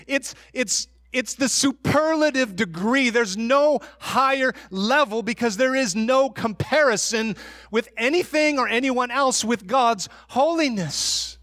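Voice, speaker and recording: A man preaching a sermon as pastor, emphatic, and slowing down on key words. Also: very high voice, a bit bright, no room sound, clean studio sound. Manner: emphatic preaching, slows for stress.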